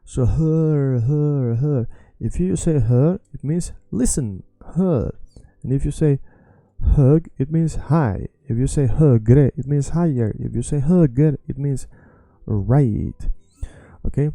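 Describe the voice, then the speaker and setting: A man teaching a language lesson, emphatic and repeating words slowly. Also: medium pitch, vocal fry, mellow, dry recording.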